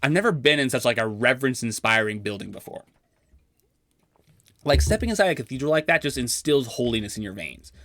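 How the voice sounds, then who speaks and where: Young man, personal vlog narration, dry close sound, crisp bright tone. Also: medium pitch, animated, fairly quick, dry recording. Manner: wry, self-deprecating, occasionally flowery. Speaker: vlogger.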